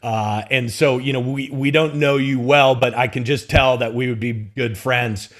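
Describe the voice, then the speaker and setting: A man's voice: medium pitch, fairly even intonation, normal speed, a bit bright. A man hosting a casual chat show, who interviews with admiring enthusiasm. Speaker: podcast host.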